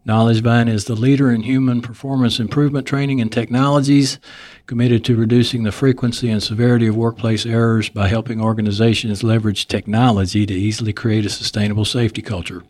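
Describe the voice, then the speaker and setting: A man's voice: medium pitch, level tone, quick pace, darkish tone. A man with a Texas accent hosting a podcast, chatting in a folksy, joking way and laughing often. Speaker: podcast host. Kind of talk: casual interview chat.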